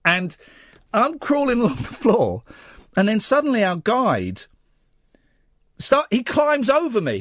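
A man hosting a late-night radio phone-in, telling a story in an animated way and acting out the voices he quotes. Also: sits high, no room sound. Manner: animated, acts out quoted voices, rising to shouts. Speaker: radio host.

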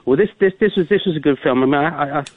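A male caller with a dry, deadpan sense of humour, chatting casually with a radio host. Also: on the high side, racing, no room sound. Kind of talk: casual phone-in chat. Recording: tinny phone line.

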